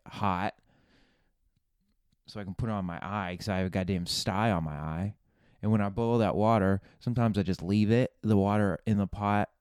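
A man's voice: on the low side, darkish tone, clear, resonant tone, dry recording, studio quality. A man hosting a solo morning podcast, ranting and cursing in a rambling, self-mocking way. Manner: rambling with many restarts. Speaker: podcast host.

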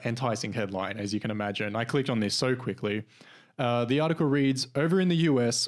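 A young man co-hosting a podcast, chatting casually and rambling with lots of fillers and restarts. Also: mid-range voice. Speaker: podcast co-host. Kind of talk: casual chat.

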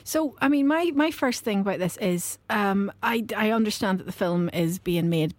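A woman's voice: mid-range voice, lively intonation, no echo. Opinionated woman. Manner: opinionated, quick, wry. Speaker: podcast co-host. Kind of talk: casual film discussion.

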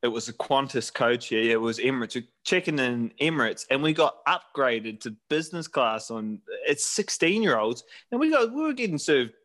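A man's voice: mid-range voice, lively intonation, moderate pace, hardly any pauses, a bit bright. Guy in his 30s from nz rambling thru a travel story, um's everywhere, mid voice. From New Zealand. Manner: rambling with fillers and restarts. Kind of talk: casual chat, storytelling.

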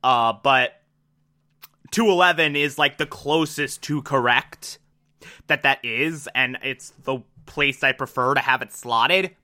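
A man's voice: medium pitch, slow, bright, forceful tone. A man hosting a podcast, talking casually and rambling with lots of fillers, slipping into a mock southern drawl. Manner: chatty, rambling, frequent "uh" and "like". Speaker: podcast host. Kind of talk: casual solo announcement.

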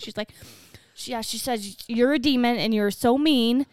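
A woman's voice: fairly high pitch, fairly quick, smooth, dry recording, clean studio sound. Giggly woman retelling a kids' squabble. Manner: laughing, quotes others while telling a story. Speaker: podcast co-host. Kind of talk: casual chat.

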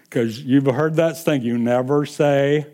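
A man's voice: mid-range voice, warm tone. A man preaching a sermon, emphatic and repeating his points with frequent chuckles.

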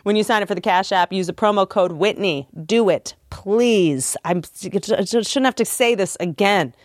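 A woman's voice: medium pitch, no echo, studio quality. A woman hosting a podcast, reading a sponsor ad in a playful, joking way and laughing often. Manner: joking, laughs often, rushes through ad copy. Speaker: podcast host. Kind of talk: playful ad read.

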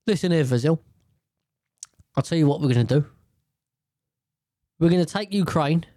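A man's voice: on the high side, lively intonation, moderate pace, warm tone, no echo, lightly acted. A man voicing an older Russian leader who brags about seizing land, in a casual, boastful tone close to his own voice. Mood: scheming.

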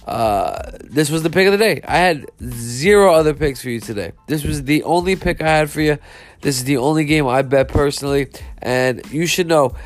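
A stuffy-nosed man hosting a sports betting podcast reacts live to a game and apologizes in a frustrated, profane monologue. His pitch is fairly high and his speed normal, with no room sound and faint music playing behind him.

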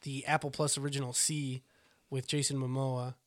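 A man's voice: medium pitch, level tone, moderate pace, dry recording. A young adult man co-hosting a podcast, rambling casually with many restarts and hesitations. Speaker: podcast co-host. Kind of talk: casual chat.

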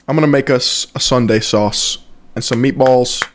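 A man's voice: medium pitch, normal speed, noisy background. Laid-back man co-hosting a podcast. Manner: laid-back, hyping up his friend. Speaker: podcast co-host. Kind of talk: casual chat.

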